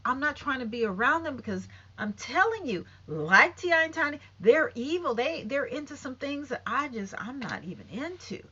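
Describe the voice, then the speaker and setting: A woman's voice: high-pitched, normal speed, few pauses, husky, highs cut off. A woman in her fifties ranting bluntly and profanely in a casual vlog. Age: 50s. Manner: blunt, profane, animated and emphatic. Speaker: vlogger. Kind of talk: casual rant to camera.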